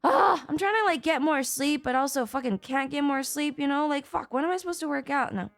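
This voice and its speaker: A woman's voice: high voice, fairly quick, creaky, a bit bright, dry recording. A woman streamer in casual chat, rambling and swearing freely as she talks to her viewers.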